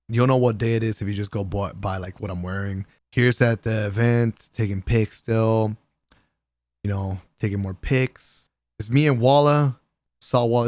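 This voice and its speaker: A male gaming content creator with a lowish voice tells a casual vlog story about a party, excitable and profane, laughing often and using slang. The recording is dry.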